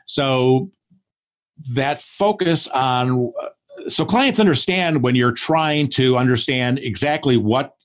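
A man's voice: mid-range voice, slow. A man in his sixties, a guest on a podcast, who talks thoughtfully and often acts out remembered conversations. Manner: thoughtful, acts out quoted dialogue. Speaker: podcast guest, performance consultant. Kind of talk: casual interview talk.

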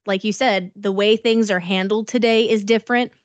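A woman co-hosting a podcast chats casually about celebrity gossip in a curious way, her sentences trailing off. Her voice is medium-pitched and steady at normal speed, recorded lo-fi with no echo.

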